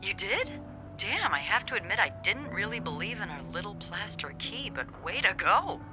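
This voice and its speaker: An actress voicing a friendly, teasing hotel receptionist in a mystery video game, over game music. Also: female voice, medium pitch, big pitch swings, moderate pace, lightly acted. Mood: playful.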